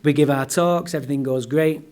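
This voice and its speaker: A man telling his personal story as a guest speaker at a recovery meeting, animated and blunt, with some profanity. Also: fairly high pitch, a little fast. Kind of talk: personal storytelling talk to a live audience.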